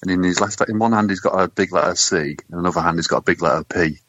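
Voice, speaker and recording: Deep-voiced male co-host, crude joker, on a dull lo-fi recording. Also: fast, a bit bright. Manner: crude, jokey storyteller. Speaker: podcast co-host. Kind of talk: casual chat.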